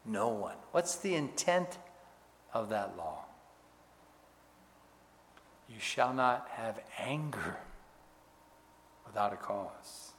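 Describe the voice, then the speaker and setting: Slow preaching man, hall reverb. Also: on the low side, lively intonation, a little hiss or hum. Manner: preacherly, emphatic with dramatic drops to quiet. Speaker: pastor. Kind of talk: sermon.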